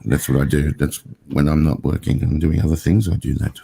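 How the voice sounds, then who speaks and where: A man with a very deep, gravelly voice and a dark, husky tone. He chats playfully as a guest on a video call, teasing the host in a relaxed way. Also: brisk. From Australia. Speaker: guest, voice artist. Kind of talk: casual chat on a video stream.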